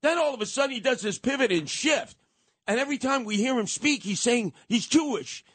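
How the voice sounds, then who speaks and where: An older man telling gossipy stories on talk radio, acting out the people he quotes with loud, high exclamations. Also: expressive, a little fast, dry recording.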